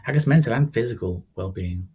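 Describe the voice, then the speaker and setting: Man, podcast host, very deep voice, husky, halting, repeats himself. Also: expressive, warm tone. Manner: halting, repeats words, restarts. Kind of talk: podcast interview.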